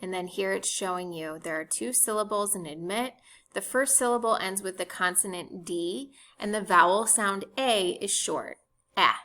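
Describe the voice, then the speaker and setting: In a recorded phonics lesson, a woman teacher speaks clearly and spells words out letter by letter. Her voice is mid-range and fairly bright, at a moderate pace.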